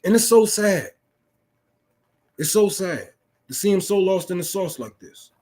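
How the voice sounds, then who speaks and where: A man's voice: high voice, lively intonation, unhurried, warm tone. A young man in an unscripted political rant, profane and fired-up, preaching to his listeners. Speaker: political talk host.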